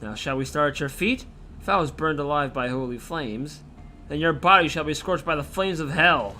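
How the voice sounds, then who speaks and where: A man reading a cruel, gloating dark saint. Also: a little high, expressive, a little hiss or hum. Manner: theatrical, sneering, drawn-out reading. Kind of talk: reading game dialogue aloud.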